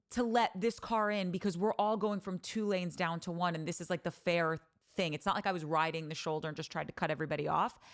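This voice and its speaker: A woman hosting a podcast, talking in a candid, animated monologue, telling stories with frequent swearing and restarts. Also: mid-range voice. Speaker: podcast host. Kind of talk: casual monologue.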